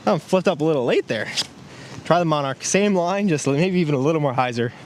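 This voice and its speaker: A man reviewing disc golf gear narrates his round on an outdoor course in a casual, play-along style, reacting out loud to each shot. He has a fairly high-pitched, expressive voice and speaks a little fast, with faint noise in the outdoor recording.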